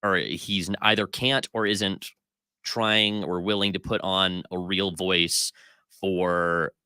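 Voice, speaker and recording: A man's voice: deep voice, steady tone, slow, sharp tone, smooth, dry recording. A man co-hosting a casual pop culture podcast, giving opinionated critiques at length with plenty of fillers. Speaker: podcast co-host.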